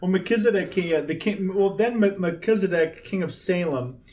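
A man's voice: high voice, fairly quick, darkish tone. A man in casual chat who steps in to correct details and lays out the facts plainly.

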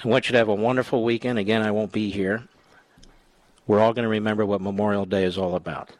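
A man's voice: lowish voice, fast talker, no echo. Combative older male talk radio host. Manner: combative, sarcastic, animated. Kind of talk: political talk radio monologue.

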